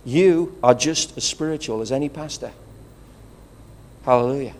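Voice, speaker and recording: A man's voice: medium pitch, normal speed, a little mellow, a little hiss or hum. A man with a regional English accent, preaching a sermon as pastor, rousing and conversational, with calls of praise. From England.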